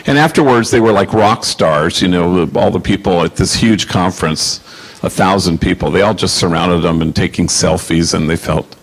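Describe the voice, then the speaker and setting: A low-pitched man with a gravelly, creaky edge tells stories to a crowd. He talks in a halting way, stopping and restarting often with plenty of fillers, in a casual conversational tone. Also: poor audio. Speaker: guest speaker. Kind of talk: conversational storytelling on stage.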